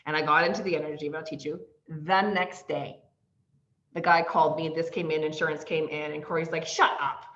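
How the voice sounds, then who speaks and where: Animated woman coach, lo-fi audio. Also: low-pitched, a little fast. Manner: animated, acts out quoted phrases, laughs often. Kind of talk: online masterclass teaching. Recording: slightly dull lo-fi audio.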